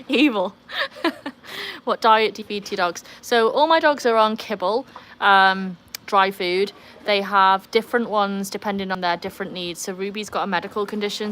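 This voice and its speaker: A woman's voice: medium pitch, fairly bright tone, slight background noise. A woman from the UK with a British accent, hosting a casual livestream at home, chatting upbeat and rambling while reading viewer comments aloud and talking to her dogs. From United Kingdom. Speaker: livestream host.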